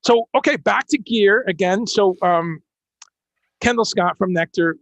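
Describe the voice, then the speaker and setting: A man hosting a streamed interview, talking in a casual, animated way with frequent restarts. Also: sits high, measured pace, dry recording. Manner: animated, chatty, many restarts. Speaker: podcast host.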